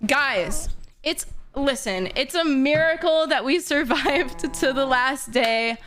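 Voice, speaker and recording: High-voiced young woman streamer, gushing. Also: takes it slowly, a bit bright. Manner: emotional, gushing and laughing. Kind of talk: live game stream chat. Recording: game music behind voice.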